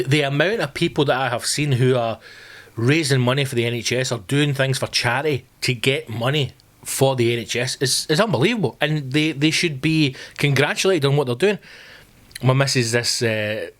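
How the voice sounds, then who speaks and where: A man's voice: mid-range voice, normal speed, a bit bright. Sweary Scottish man ranting. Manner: sweary, rambling. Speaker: podcast host. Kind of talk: comedic podcast rant.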